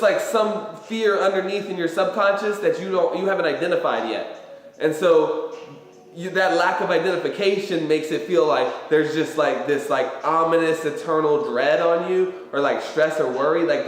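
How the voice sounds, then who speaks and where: A man rambles through a casual motivational pep talk, full of fillers and easy swearing. His voice sits a little high. The sound rings in a room with heavy, long-tailed echo. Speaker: motivational vlogger. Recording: very echoey room with long reverb.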